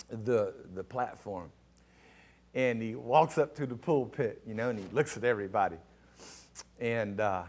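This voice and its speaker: A middle-aged pastor telling a personal testimony in a sermon, animated and excitable, with a gravelly voice. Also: male voice. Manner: animated storyteller, rising to excited high pitch at climaxes. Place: television studio.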